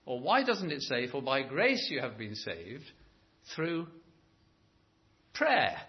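Animated male preacher, lo-fi recording. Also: mid-range voice, slow pace. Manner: animated, stretches key words for emphasis. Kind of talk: sermon. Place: church.

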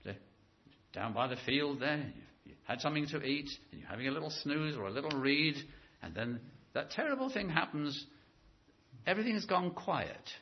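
A man preaching a sermon in a church, animated and stretching key words for emphasis. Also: a little high, normal speed, lo-fi sound.

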